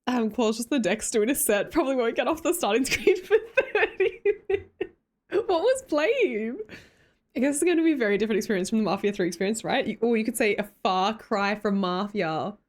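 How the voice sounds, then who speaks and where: A woman's voice: on the high side, lively intonation, a little fast. A young woman with an Australian accent chatting casually with her live-stream viewers, laughing often and greeting them by name.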